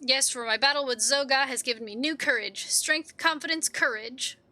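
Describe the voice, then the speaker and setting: Cast: woman voicing a squeaky, melodramatic little foreman, fussy and boastful, with a sharp edge to the voice. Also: moderate pace. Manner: repeats himself in breathless strings of synonyms.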